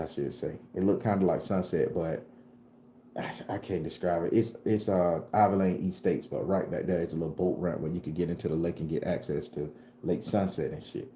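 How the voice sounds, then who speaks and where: A man from southern Florida tells a spooky tale in a very low, deep voice with a dark, mellow tone. He swears freely and acts out every line of dialogue. The recording has a roomy echo. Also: slight background noise. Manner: profane, animated, acts out dialogue. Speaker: storyteller and channel host. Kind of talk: casual spoken ghost story. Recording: echoey room.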